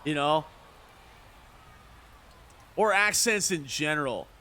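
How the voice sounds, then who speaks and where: A man's voice: on the high side, expressive, slow pace, sharp tone. A man streaming a baseball video game, joking and ribbing his chat in casual commentary. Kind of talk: casual livestream gaming commentary.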